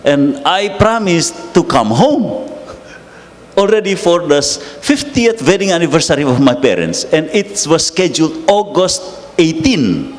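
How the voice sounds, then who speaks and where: A Filipino priest with a Filipino accent telling a personal story in an emotional sermon, laughing at himself. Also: male voice, on the high side, sing-song, a little slow. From Philippines. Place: church hall. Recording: reverberant hall, faint noise.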